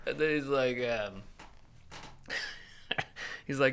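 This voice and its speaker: A young man on a casual podcast, talking slowly in a bright, forceful voice. He swears freely and keeps laughing as he retells stand-up bits. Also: medium pitch, clear, resonant tone. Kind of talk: casual chat.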